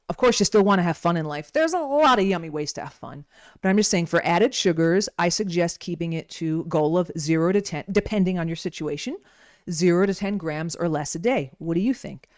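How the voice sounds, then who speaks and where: A woman's voice: lowish voice, expressive, fairly quick, no echo, clean studio sound. Chatty woman teaching nutrition. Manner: chatty and digressive, with frequent rhetorical "right?". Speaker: holistic nutrition educator. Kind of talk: informal teaching talk.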